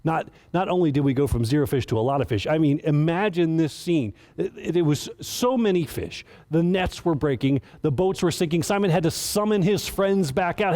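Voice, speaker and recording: A man's voice: a little high, animated, normal speed, few pauses, a little mellow. A man giving a casual, earnest sermon as director of children's ministry, stumbling and restarting as he tells the story.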